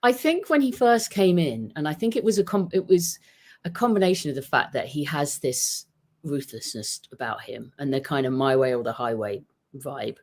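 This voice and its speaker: Guest spot: woman journalist, animated, restarts a lot. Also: low voice, moderate pace. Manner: thoughtful, many restarts, animated storytelling. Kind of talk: conversational podcast interview. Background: dog nearby at home.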